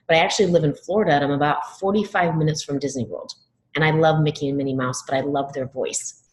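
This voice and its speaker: Low-pitched woman, middle-aged, animated storyteller talking to teachers. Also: low-quality recording. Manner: animated storytelling, acts out quoted students. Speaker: education speaker. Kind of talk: motivational talk to educators.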